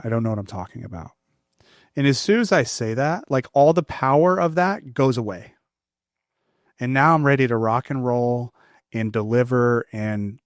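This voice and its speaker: Male guest coach, mid-pitched and dry-sounding, earnest and explanatory. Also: dry recording. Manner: earnest, uses examples, some fillers. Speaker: guest, couples coach and speaker. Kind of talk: casual interview talk.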